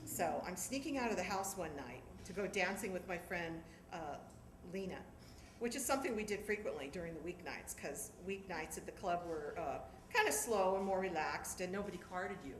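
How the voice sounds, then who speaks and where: A woman's voice: lowish voice, animated, normal speed, a little hiss or hum. A woman in her fifties performing a live one-woman stage show, telling a family story animatedly, laughing and acting out scenes. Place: theatre with audience. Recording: echoey theatre with live audience.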